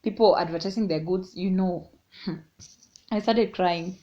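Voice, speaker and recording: A woman's voice: fairly low pitch, normal speed, warm tone. A young woman telling a story casually and animatedly, mixing English and Swahili. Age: young adult. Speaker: vlogger. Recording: dull lo-fi sound.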